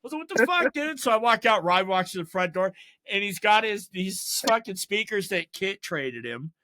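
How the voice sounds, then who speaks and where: Male podcast host, high bright voice, casual profane storyteller. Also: moderate pace. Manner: profane storytelling, acting out friends' lines; laughs often while telling stories. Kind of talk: casual chat.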